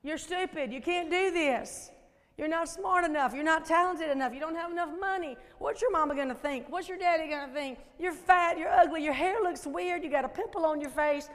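A Southern American woman preacher voicing the taunting voice of the enemy, firing off quick put-downs in an echoey church. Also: very high voice, a bit bright. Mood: mocking. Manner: mocking, rapid put-downs. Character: taunting voice of the enemy, sneering and spiteful.

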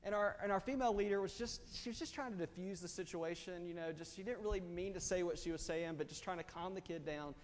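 A man in his thirties preaching a sermon to a congregation, impassioned, swinging from hushed to loud. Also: high-pitched, fast, hardly any pauses. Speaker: pastor. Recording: reverberant hall, faint ambience.

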